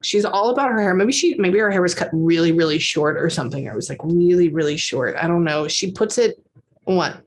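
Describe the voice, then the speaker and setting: A woman giving a psychic reading in casual chat, talking quickly and pausing often to say "hold on" as she relays what she hears. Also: on the low side, a little hiss or hum. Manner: chatty, animated, acts out quotes, frequent "hold on" pauses. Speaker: psychic medium.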